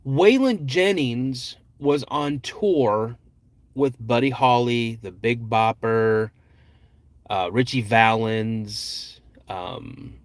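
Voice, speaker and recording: A man's voice: medium pitch, extremely slow, no echo. Rambling middle-aged male podcast host. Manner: rambling, with frequent restarts and filler words. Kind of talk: casual live chat and personal storytelling.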